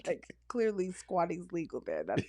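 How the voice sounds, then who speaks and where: A woman co-hosting a podcast in casual chat, playful and quick to laugh as she tells stories. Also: lowish voice, no room sound. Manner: playful, laughs often, animated storytelling. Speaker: podcast co-host.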